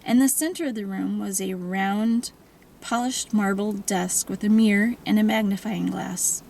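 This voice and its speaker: A woman narrating a novel in a calm, even storytelling manner. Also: medium pitch, a little slow, vocal fry, a little hiss or hum, poor audio. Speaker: audiobook narrator.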